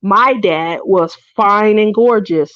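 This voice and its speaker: A middle-aged woman hosts a craft livestream, talking casually to her viewers. She tells stories in an animated way and laughs often. Her voice comes through dull, dry, lo-fi stream audio. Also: medium pitch, slow pace, dry recording.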